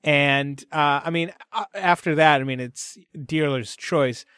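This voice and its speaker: A man's voice: on the high side, a little slow, a bit bright, clean tone, dry recording. Chatty man co-hosting a podcast, dry close sound. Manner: chatty, laughs often, lots of fillers. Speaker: podcast co-host. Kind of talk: casual chat.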